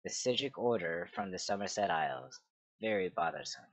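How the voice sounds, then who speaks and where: A man reading a fantasy story aloud in a steady, measured way. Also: low-pitched, no room sound. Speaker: reader of game lore books.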